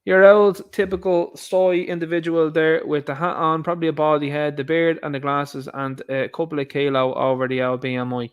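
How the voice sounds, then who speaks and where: A man's voice: on the high side, fairly even intonation, moderate pace, clear, resonant tone. An Irish man giving indignant, sarcastic commentary on news headlines, addressing his viewers as lads. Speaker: vlogger, commentator.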